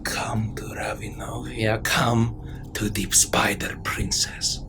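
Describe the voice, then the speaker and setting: A man's voice: fairly low pitch, little pitch movement, takes it slowly, loud music behind the voice, voice pushed down. A man voicing a monstrous spider princess in a little girl's body, speaking eerily and dropping to a whisper. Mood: eerie. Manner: eerie, then whispering.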